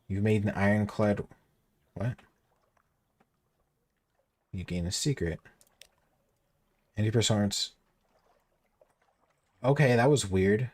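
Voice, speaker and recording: A man streaming a game, reading its text aloud with bemused, deadpan asides. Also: on the low side, takes it slowly, pauses often.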